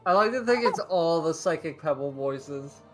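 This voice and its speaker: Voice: medium pitch, lively intonation, normal speed, faint music behind. A co-host in casual gaming chat, jokey and chatty, often trailing off mid-sentence. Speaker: game co-host.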